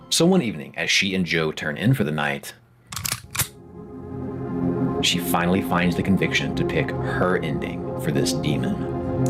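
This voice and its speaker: A man narrating a scripted video essay, expressive and rising for emphasis, with a music bed under his voice. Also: deep voice.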